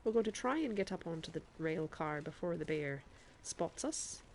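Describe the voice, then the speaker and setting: A woman's voice: low-pitched, animated, normal speed, darkish tone, slight background noise. A woman streamer chatting to her viewers in a put-on Irish accent while she plays a game, often laughing as she talks. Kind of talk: live gameplay commentary.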